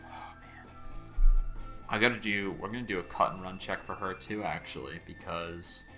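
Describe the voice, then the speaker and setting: Bright-voiced man running a game. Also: deep voice, faint music behind. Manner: casual, halting, with frequent ums. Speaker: game master. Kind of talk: narrating a tabletop game.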